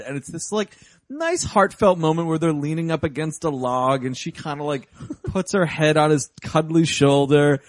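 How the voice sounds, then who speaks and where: High-voiced man riffing on a movie. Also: animated, moderate pace, dry recording, clean studio sound. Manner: jokey, acts out movie scenes in put-on voices. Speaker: podcast co-host. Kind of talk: casual chat.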